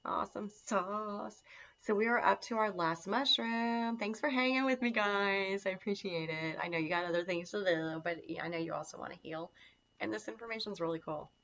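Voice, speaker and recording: A woman's voice: medium pitch, fairly quick, fairly bright tone. A woman teaching a casual lesson on herbal remedies, chatty and enthusiastic, with lots of fillers. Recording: dull lo-fi sound.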